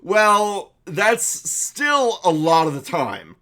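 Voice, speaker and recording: A man's voice: high voice, big pitch swings, very slow, a bit bright. A young man narrating a tabletop game for a live-stream chat, chatty with frequent fillers and laughs.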